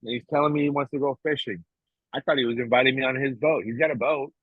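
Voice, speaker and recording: Cussing podcast guy, emotional, husky voice, thin phone-ish sound. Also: medium pitch, steady tone, fast, no echo. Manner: blunt, profane, emotional, many restarts. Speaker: podcast co-host. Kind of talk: casual podcast chat. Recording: dry, tinny phone-like sound.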